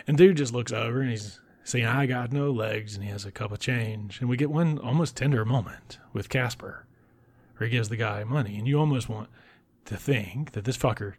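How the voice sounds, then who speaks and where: Low-voiced man, blunt and profane. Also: darkish tone. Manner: blunt and profane, with breathy whispered asides. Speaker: film reviewer. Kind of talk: casual film recap commentary.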